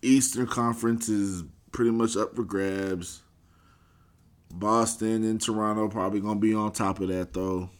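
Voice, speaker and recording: A man's voice: lowish voice, fairly even intonation, moderate pace. A man talking casually on a podcast, rambling and swearing freely in a laid-back way.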